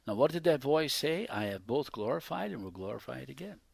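A man preaching a sermon, reading scripture aloud and swinging between loud emphasis and hushed whispers. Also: mid-range voice, sing-song, fairly quick, creaky, husky, no room sound. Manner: reads scripture aloud in King James wording.

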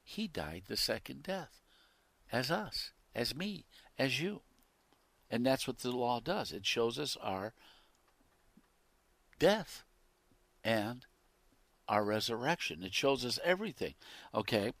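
A man preaching a sermon who swings from loud, emphatic declarations to quiet asides and reads scripture with rising intensity. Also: medium pitch, very animated, slow, gravelly, pauses often, dry recording.

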